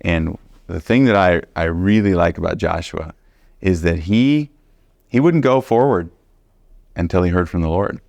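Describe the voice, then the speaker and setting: A man teaching a Bible study sermon, earnest and animated, stressing points by repeating them. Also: low voice, unhurried, creaky, no echo. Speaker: preacher.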